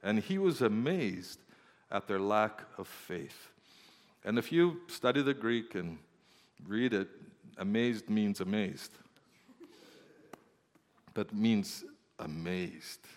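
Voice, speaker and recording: A male pastor preaching a lively sermon, joking with his congregation between scripture readings. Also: lowish voice, slow pace. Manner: animated, joking preacher who reads scripture aloud. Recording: long hall reverb.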